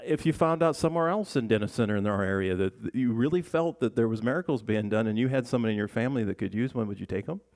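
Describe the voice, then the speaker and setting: A man's voice: lowish voice, expressive, quick pace, few pauses, a little mellow. A man preaching a conversational sermon in a church, talking through the text with his congregation, asking them questions and often restarting sentences. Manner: chatty, asks the congregation questions, frequent restarts. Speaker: pastor.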